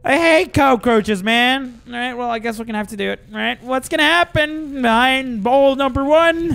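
A young man giving casual let's-play commentary on a horror game, excitable and profane, saying "all right" after nearly every line. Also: extremely high pitch, normal speed, vocal fry, few pauses, a little hiss or hum. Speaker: gamer playing a horror game.

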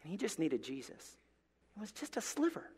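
A man from Alabama with a Southern accent, preaching a sermon in a church and telling a story, moving from hushed tones to loud bursts. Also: high-pitched, brisk, husky, big-room sound. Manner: animated, swings from hushed to loud, acts out voices. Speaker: pastor. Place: church sanctuary.

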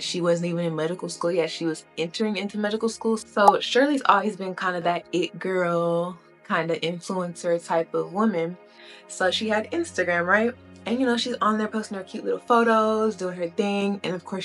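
A woman casually retelling another person's story in a chatty, conversational way, often checking in with the listener. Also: mid-range voice. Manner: chatty, conversational, frequent "right?" and "you know". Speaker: commentary vlogger.

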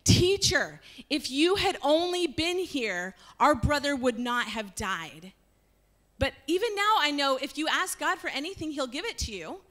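An earnest grieving woman, Martha, as a woman storyteller puts her on, talking casually and a little quickly. The voice sits fairly high and sounds everyday rather than theatrical. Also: lively intonation, pushed and bright. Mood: pleading.

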